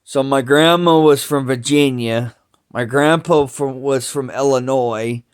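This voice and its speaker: A man rambles through family stories slowly and haltingly, often restarting sentences and swearing casually. His mid-range voice is clear and resonant.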